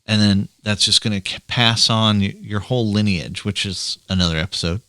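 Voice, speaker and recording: A man's voice: lowish voice, a little fast, a bit bright, clean tone, dry recording. A man hosting a podcast, a chatty storyteller talking casually about fatherhood. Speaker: podcast host, father of three girls. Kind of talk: casual chat.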